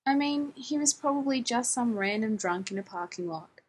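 A woman voicing an embarrassed, excitable young man who rambles on with lots of "like" and "man", in a husky voice. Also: on the high side, normal speed, low-quality recording. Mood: subdued. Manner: rambling, breathless, full of "like" and "man".

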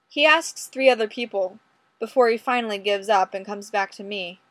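A woman's voice: mid-range voice, normal speed, dry recording. A woman reading a first-person story aloud in a wry, conversational manner. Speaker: audiobook reader.

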